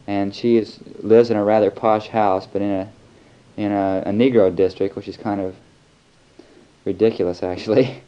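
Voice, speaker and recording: Relaxed young American man, lo-fi tape. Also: lowish voice. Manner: easygoing, rambling, chatty. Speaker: missionary. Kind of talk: spoken audio letter. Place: missionaries' flat. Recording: lo-fi home tape with faint hiss.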